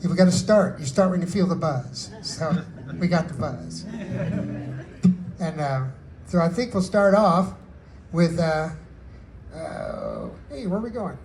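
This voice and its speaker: A man's voice: on the high side, sing-song, measured pace, a little mellow, a little hiss or hum, low-quality recording. An older man, a singer-songwriter, telling rambling, folksy stories about his songs at a book store event. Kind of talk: storytelling with live songs.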